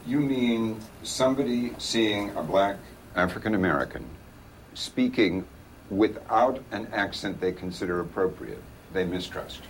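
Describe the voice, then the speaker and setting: A man's voice: fairly low pitch, lively intonation, unhurried, a little hiss or hum. A male interviewer asking thoughtful, probing questions.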